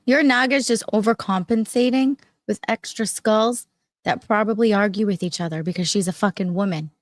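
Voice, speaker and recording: A woman co-hosting a podcast in casual banter, teasing with quick comebacks. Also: medium pitch, dry recording. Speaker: podcast co-host.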